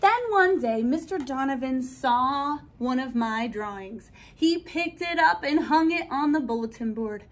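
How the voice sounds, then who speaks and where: A woman reading a children's picture book aloud as a storyteller. Her voice is high and her pace unhurried, and she gives each phrase careful, expressive emphasis.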